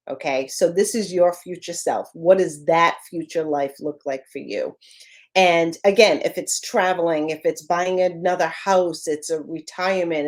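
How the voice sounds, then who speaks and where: A middle-aged woman business coach giving an energetic, emphatic motivational talk in a casual way, with some mild swearing. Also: lowish voice.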